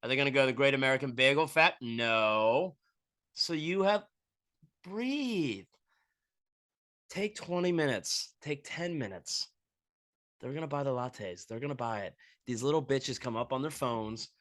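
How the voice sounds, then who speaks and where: Podcast guy ranting and joking, crude, bright voice, super dry close mic. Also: medium pitch, moderate pace, no echo. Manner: crude, animated, acting out scenes. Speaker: podcast host. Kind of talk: casual comedic monologue.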